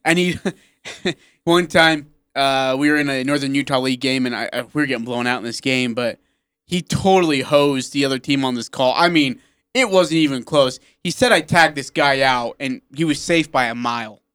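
In a radio studio, a man co-hosting a sports talk show spins a rambling story and laughs at his own jokes during casual banter. His mid-range voice is smooth and fairly bright, at a moderate pace.

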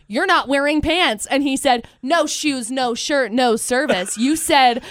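A woman co-hosting a morning radio show, telling stories in a lively way and acting out the people she quotes, on a studio mic. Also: high-pitched, unhurried, few pauses, dry recording. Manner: animated storyteller, acts out quotes. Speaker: radio co-host.

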